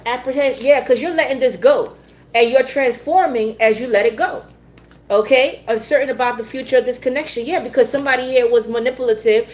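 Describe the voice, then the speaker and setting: A woman giving a tarot reading in a blunt, repetitive way, swearing now and then. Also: fairly high pitch. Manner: blunt, swears, repeats herself, laughs often. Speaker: tarot reader.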